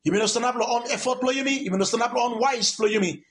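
Vanuatu-accented guy preaching on christian radio, pretty high voice, says things over and over for emphasis, faint hiss behind. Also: very fast, a bit bright. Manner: repetitive, emphatic, stacks up phrases. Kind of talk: radio sermon.

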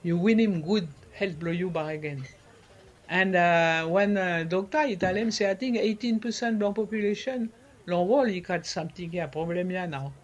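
A man, explaining things in an interview in a halting way, repeating words and slipping into French. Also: sits high, highs cut off. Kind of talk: conversational explaining.

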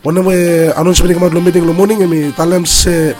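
A man speaking hoarsely through a cold on a radio chat, halting often over fillers. His voice sits a little high. Faint music runs behind him. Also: level tone, darkish tone.

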